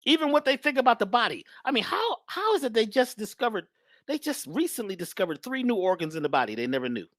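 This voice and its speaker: A woman's voice: a little high, sing-song, fast, no room sound, studio quality. A woman guest speaker talking in an emphatic, preachy but casual way about spirituality and love. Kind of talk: spiritual talk, casual conversation.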